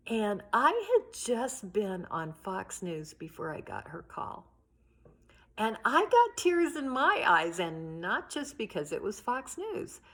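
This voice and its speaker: A woman's voice: mid-range voice, very animated, takes it slowly, fairly bright tone. A middle-aged woman giving a heartfelt recorded address to teachers from her home, telling stories in an earnest way. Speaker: union leader addressing teachers.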